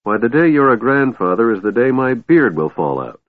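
A man voicing a stubborn old male dwarf who is gruff and proud and grumbles and blusters. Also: medium pitch, big pitch swings, moderate pace, voice pushed up, natural voice. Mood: grumpy. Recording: tinny phone-like band, dry.

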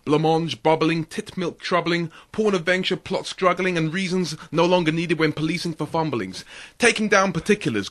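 A man's voice: fairly high pitch, a bit bright. Man reciting a rhythmic comic poem. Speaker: guest poet. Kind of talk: comic poetry reading.

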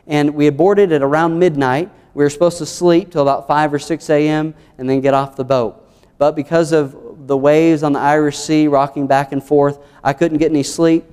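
A man's voice: a little high, a little mellow, smooth, in a large hall. A man with a Southern American accent, an earnest pastor preaching a sermon through numbered points and scripture. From United States.

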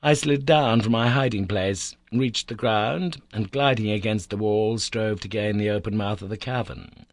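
A man's voice: on the low side, moderate pace, dry recording, clean studio sound. A man reading a classic adventure novel aloud as first-person narration, telling it with dramatic emphasis. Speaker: audiobook reader.

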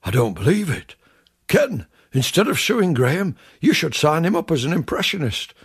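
A man voicing a mild, fretful middle-aged male amateur singer-songwriter in a comic radio act, with a raspy voice. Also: on the high side, big pitch swings, normal speed, pitched above the performer's own voice, exaggerated voice.

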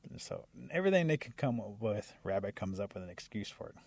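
Man, storyteller, gravelly, husky, lively folktale telling. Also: lowish voice, fast talker, no echo. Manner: lively, acts out characters with sound effects.

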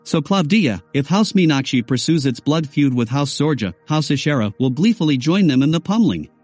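A man narrating a first-person audiobook in a steady, scripted reading. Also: fairly high pitch, a little fast, no room sound, faint music behind.

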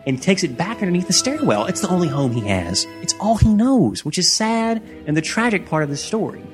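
A man's voice: sits high, sing-song, a little fast, faint music behind. A man hosting a podcast, casually recapping a movie and acting out lines in a rambling, joking way. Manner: rambling, jokey, acts out lines. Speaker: podcast host.

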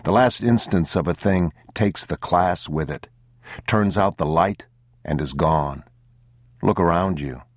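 Male audiobook narrator, very deep and unhurried, somber, dry close-mic sound. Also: dry recording. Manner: measured and somber. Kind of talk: scripted literary narration.

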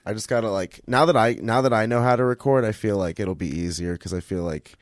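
Podcast host, male, low voice, laid-back with chuckles, dry mic. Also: fast talker, no echo. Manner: relaxed, chuckling, trails off. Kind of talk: casual chat.

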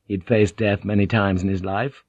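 Male narrator, low voice, measured reading, muffled dry recording. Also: level tone, husky, dry recording. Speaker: audiobook narrator. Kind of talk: scripted narration.

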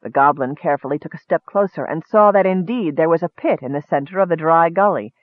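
A man narrating a fantasy story in steady, vivid audiobook style. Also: fairly high pitch, fast, no room sound. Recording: dry, narrow phone-like sound.

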